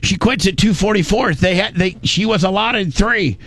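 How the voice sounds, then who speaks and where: A man's voice: high-pitched, normal speed, fairly bright tone, no room sound. A man hosting a radio talk show, giving blunt, rambling commentary with some profanity.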